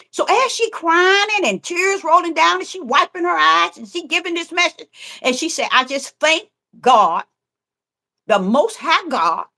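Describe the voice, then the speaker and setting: Fervent high-voiced woman preaching. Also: sharp tone. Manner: fervent, repetitive, rhythmic emphasis. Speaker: self-styled prophetess preaching online. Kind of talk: impassioned preaching.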